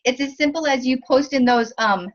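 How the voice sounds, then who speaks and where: A woman's voice: sits high, normal speed. A woman who coaches part-time, talking in an eager, chatty way with many fillers on a casual call. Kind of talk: casual chat. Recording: dull lo-fi call audio with faint hiss.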